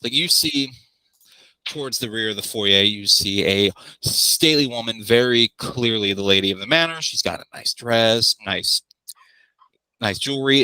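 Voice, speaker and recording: A man narrating as game master of a tabletop game, describing scenes in a relaxed way with jokey asides. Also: lowish voice, clean tone, dry recording, poor audio.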